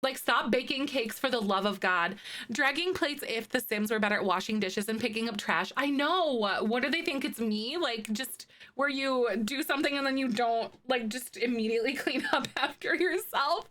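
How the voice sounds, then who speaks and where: A woman's voice: fairly high pitch, moderate pace, fairly bright tone. A woman live streamer chatting casually with her viewers as she plays, laughing often and peppering her talk with fillers. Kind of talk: casual chat with viewers while playing.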